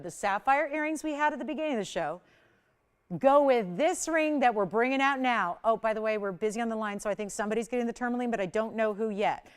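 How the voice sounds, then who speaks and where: A woman hosting a live jewelry shopping show, chatting and selling with upbeat patter and bursts of excitement. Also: a little high, fast talker, clean tone. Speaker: shopping channel jewelry host. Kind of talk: live home shopping presentation.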